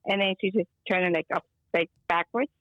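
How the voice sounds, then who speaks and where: Heard through a phone or video call with dull audio and no echo, this female guest caller has a lowish, fairly bright voice, fairly even intonation and a brisk pace. She tells a long, rambling story casually, full of fillers and Spanish phrases.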